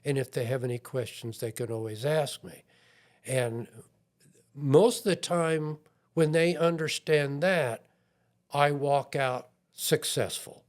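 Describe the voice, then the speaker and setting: A man's voice: medium pitch, takes it slowly. A man speaking as an interview guest, an IT consultant talking in an earnest, self-deprecating way. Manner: earnest and self-deprecating, acts out quoted voices. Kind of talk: conversational podcast interview.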